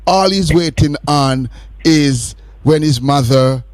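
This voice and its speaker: A man's voice: fairly high pitch, takes it slowly, a little mellow, no echo. A Jamaican man hosting a radio show, bantering in a jovial, teasing way and laughing often. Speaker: radio host.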